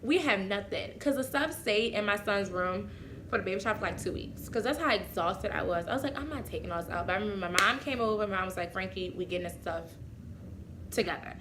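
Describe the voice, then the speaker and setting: Young woman vlogging a story, mid pitch, jumps high when she quotes ppl. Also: quick pace, background noise. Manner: animated, acts out quotes with voice swings. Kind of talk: casual storytime.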